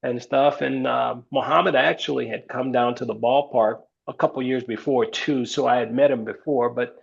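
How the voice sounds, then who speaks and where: An older man, a retired ballplayer, recounting stories in a relaxed interview, with many fillers. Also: medium pitch, moderate pace, creaky. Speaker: retired baseball player, guest. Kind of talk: storytelling interview. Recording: slightly dull lo-fi sound.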